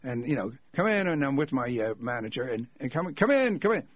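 A male comedian telling anecdotes in an animated way, acting out the people in his stories. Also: medium pitch, brisk, breathy edge, dry recording, muffled recording. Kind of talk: anecdotal storytelling.

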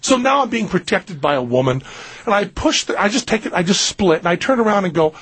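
Male talk radio host, storyteller, high-pitched for a man, rough breathy texture. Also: a little fast, no room sound. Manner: animated storyteller, jumps into a high squeaky voice for his own lines.

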